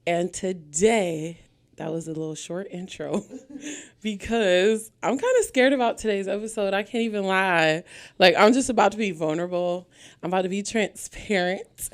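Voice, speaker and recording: A woman's voice: medium pitch, normal speed. Nervous, laughing woman podcast host. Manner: casual, laughs often, nervous and candid. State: nervous, a little out of breath. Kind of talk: casual chat, being interviewed.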